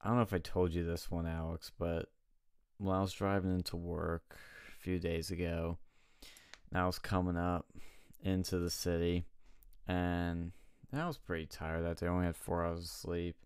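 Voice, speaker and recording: A young man hosting a casual chat, telling stories in an animated way, acting out what people said to him and swearing freely. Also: low-pitched, normal speed, clear, resonant tone, dry recording, studio quality. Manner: animated storyteller acting out quotes, swears and laughs often.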